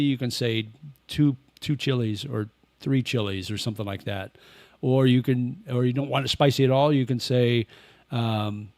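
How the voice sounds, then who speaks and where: An older man with a medium-pitched voice hosts a casual livestream, rambling easily and answering questions from chat. The recording is dry, picked up by a webcam with face tracking.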